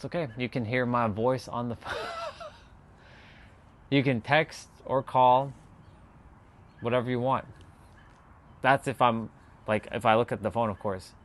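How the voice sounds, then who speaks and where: A man's voice: medium pitch, huge pitch swings, slow pace, pauses often, a little hiss or hum. A man chatting casually on his live stream, laid-back and rambling as he talks straight to his viewers.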